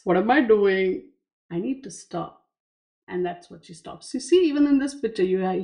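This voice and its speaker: Slow, storytelling woman tarot reader. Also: medium pitch, mellow. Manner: storytelling, unhurried, with asides. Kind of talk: explaining a myth behind a card image.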